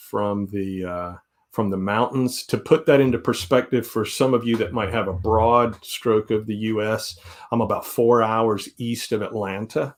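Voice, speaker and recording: A man in his forties with a Southern US accent, chatting casually on a live stream in an easygoing, rambling way. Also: fairly low pitch. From South Carolina, US. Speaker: guest host.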